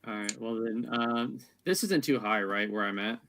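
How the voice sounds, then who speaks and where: A man's voice: lowish voice, moderate pace, a bit bright, slight background noise. A man playing a tabletop role-playing game, describing his character's actions in an easygoing way. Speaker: player. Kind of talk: casual tabletop play.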